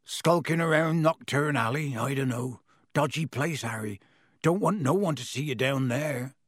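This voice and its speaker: A man voicing a huge, bearded gamekeeper with a gruff, growling manner. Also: on the high side, normal speed, dry recording, studio quality, natural voice. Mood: scolding.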